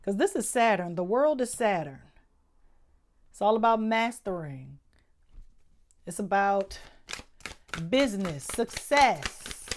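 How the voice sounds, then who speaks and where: A woman's voice: mid-range voice, expressive, slow, long pauses, slight background noise. A woman giving a casual tarot reading, speaking emphatically, repeating phrases and talking straight to her viewers. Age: adult with doctoral degree. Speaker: tarot reader.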